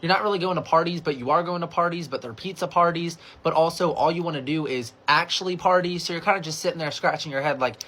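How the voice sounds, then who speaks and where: A man's voice: on the high side, fast, hardly any pauses, a bit bright. A young man telling a storytime in a rambling, joking way, often tagging his points with questions. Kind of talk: casual storytime.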